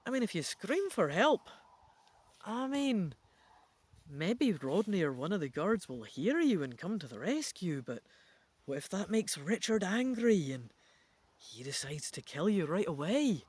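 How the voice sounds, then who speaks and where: A man reading an adventure gamebook aloud, stopping to muse out loud over each choice. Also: sits high, big pitch swings, measured pace, breathy edge. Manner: musing, thinking out loud. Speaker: gamebook reader.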